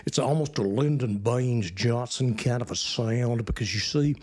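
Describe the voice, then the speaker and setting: A man's voice: medium pitch, moderate pace, hardly any pauses, darkish tone, husky. A man with a Texan accent, a guest in a casual interview, talking in a folksy, rambling storytelling way. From Texas. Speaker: guest actor.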